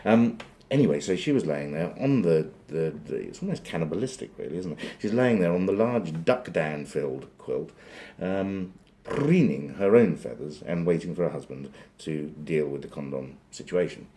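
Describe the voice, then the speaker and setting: A man's voice: low voice, lively intonation, normal speed, mellow. A man telling a long joke in a rambling style full of digressions and dry asides. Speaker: joke teller. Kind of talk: rambling comic storytelling.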